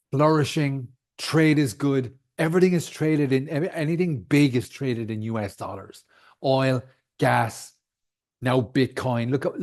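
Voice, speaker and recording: A man in his thirties from outside the United States hosts a solo podcast, launching into a heated, emphatic rant full of swearing. His voice is medium-pitched and a little mellow.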